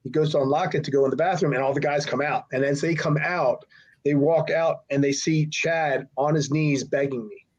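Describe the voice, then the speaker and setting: A fairly high-pitched, steady voice belongs to a middle-aged man who used to wrestle, now a podcast guest telling a long-winded, casual anecdote at a fairly quick clip. He voices the other characters' quotes himself, and the sound is a little dull and lo-fi.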